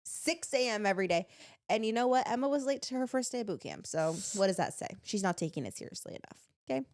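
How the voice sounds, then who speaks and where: A woman's voice: mid-range voice, very animated, fast, a little mellow, no echo, studio quality. A young woman co-hosting a podcast, teasing and joking in casual chat. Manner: playful, teasing, gravelly fry. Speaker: podcast co-host. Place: small room.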